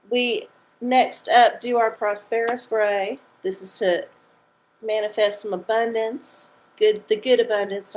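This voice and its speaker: A woman's voice: mid-range voice, slight background noise, rough recording. A woman hosting a casual livestream from home, chatty and playful, reading oracles for her viewers. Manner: chatty, playful, uses y'all.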